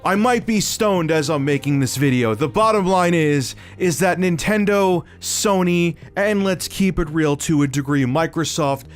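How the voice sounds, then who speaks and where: A man's voice: fairly high pitch, a little slow, few pauses, faint music behind. Sarcastic man ranting on tech news. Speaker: tech commentary host. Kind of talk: opinionated commentary.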